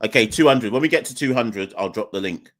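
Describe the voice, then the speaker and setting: A man's voice: medium pitch, animated, a little fast, fairly bright tone. A young man with an English accent, born in Jamaica, hosting a live call-in podcast in a rambling, conversational way full of restarts. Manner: rambling, self-correcting, conversational. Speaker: podcast host.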